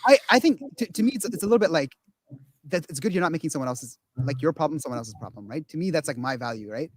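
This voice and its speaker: Rambling man, slightly high voice. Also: lively intonation, fast talker, no echo. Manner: rambling, full of restarts and acted-out quotes. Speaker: guest. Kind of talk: casual podcast conversation.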